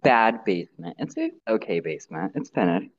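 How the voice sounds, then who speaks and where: Animated man in his thirties, podcast co-host. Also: fairly quick, vocal fry, no room sound, highs cut off. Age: 30s. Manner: animated, jokey, slips into high-pitched impressions. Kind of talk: casual podcast chat.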